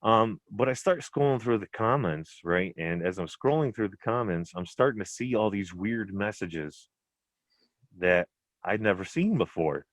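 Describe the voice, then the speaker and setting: Male podcast host, very low voice, dry close sound, rambling casual delivery. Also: animated, unhurried, no echo. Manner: rambling, swears freely, restarts sentences. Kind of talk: casual chat.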